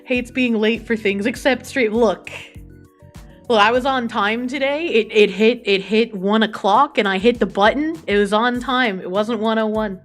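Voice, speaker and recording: A woman's voice: a little high, moderate pace. A woman streamer chatting casually and reading out viewer messages, swearing freely and laughing often. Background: faint background music.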